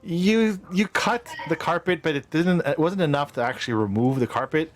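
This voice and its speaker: A man running a tabletop game as game master, telling the scene in a playful, animated way. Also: fairly high pitch, normal speed, slight background noise.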